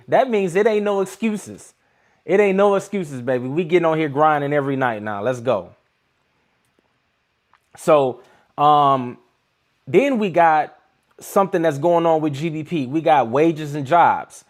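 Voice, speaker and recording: Hyped man livestreaming to his chat. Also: on the high side. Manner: hyped, talks straight to his chat viewers. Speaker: livestream trading host.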